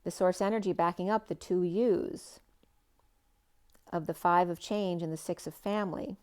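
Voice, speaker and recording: Meandering woman tarot reader, lowish voice. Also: fairly even intonation, moderate pace, darkish tone. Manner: rambling, free-associating, with many fillers and trailing phrases. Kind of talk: spiritual tarot reading monologue.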